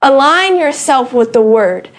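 A woman's voice: high voice, sing-song, a little slow. A woman in a casual faith discussion, speaking in an encouraging, exhorting way.

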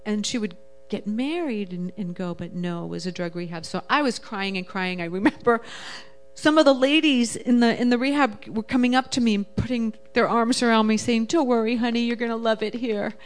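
A woman's voice: on the high side, moderate pace, smooth. A middle-aged woman telling a personal story in a casual, emotional, rambling way, acting out the voices of the people she quotes. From Jewish family. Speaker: guest sharing her testimony.

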